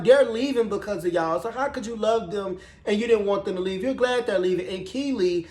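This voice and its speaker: A man with a high voice recaps a TV episode in a sassy, profane, gossipy way. He tells it with animated flair. The room around him is echoey. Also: normal speed, few pauses. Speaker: TV show recap reviewer.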